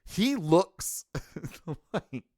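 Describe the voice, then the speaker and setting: A man's voice: a little high, sing-song, very slow, warm tone, dry recording, clean studio sound. Rambling, enthusiastic middle-aged male streamer. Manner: enthusiastic, rambling, with many fillers and restarts. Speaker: wrestling stream host. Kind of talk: live-stream show review.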